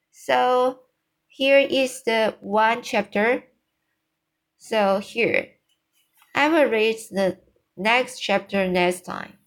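A woman reading a children's novel aloud chapter by chapter, deliberately, with small stumbles. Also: fairly high pitch. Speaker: storybook reader.

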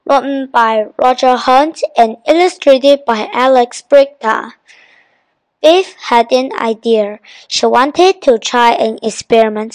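A woman reading a children's storybook aloud, slow and carefully paced. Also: fairly high pitch, no room sound, poor audio. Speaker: narrator.

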